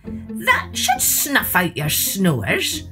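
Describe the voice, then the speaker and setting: A woman's voice: fairly high pitch, huge pitch swings, very slow, over music, voice pushed up, exaggerated voice. A woman voicing a bossy old granny, a wise country woman, in a storybook.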